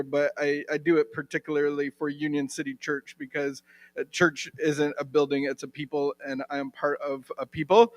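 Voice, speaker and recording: A man closing a church service, relaxed and joking, talking informally with pauses and restarts. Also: fairly high pitch, dry recording. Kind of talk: informal sermon talk.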